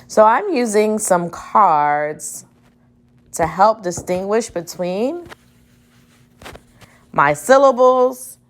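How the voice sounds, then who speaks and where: Very slow, measured woman teacher. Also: mid-range voice, lively intonation. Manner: spells words letter by letter, tapping out syllables. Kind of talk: slow spelling dictation lesson.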